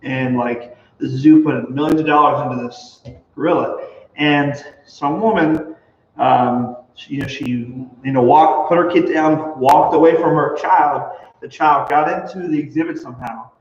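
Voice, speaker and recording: A man's voice: on the high side, fairly even intonation, a little slow. A man, a pastor, chatting casually and rambling with lots of likes and you knows. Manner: rambling, many fillers and restarts. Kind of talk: casual chat. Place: church hall. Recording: echoey hall, far from mic, dull.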